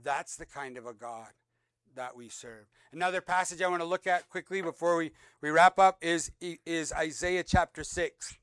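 A man preaching a sermon, reading scripture aloud and swinging between loud emphatic peaks and soft low drops. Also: normal speed, clean tone, dry recording. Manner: reads scripture aloud, repeats words for emphasis. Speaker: pastor.

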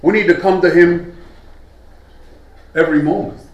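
A man's voice: sits high, steady tone, moderate pace, dull audio. A male preacher giving a sermon in a conversational way, putting questions to his congregation. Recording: echoey hall, mic at a distance.

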